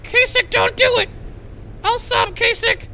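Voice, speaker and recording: A man putting on the voice of a panicked man who begs frantically for mercy with high, yelping pleas. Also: steady tone, a little slow, bright, forceful tone, a little hiss or hum, full character voice. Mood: pleading. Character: panicked, pleading young man begging for mercy.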